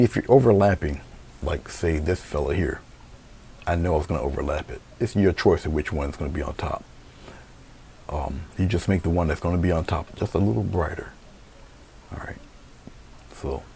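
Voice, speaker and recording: A man teaching painting in a relaxed, chatty way, talking through his brushwork as he paints live. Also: extremely low pitch, gravelly, slight background noise. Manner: relaxed, chatty, thinking aloud. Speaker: painting instructor.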